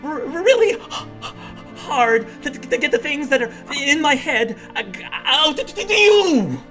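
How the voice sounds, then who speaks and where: A man voicing a timid young male student who stutters heavily and climbs higher in pitch when flustered. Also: sing-song, music in the background, exaggerated voice. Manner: stuttering, halting, rises high when flustered.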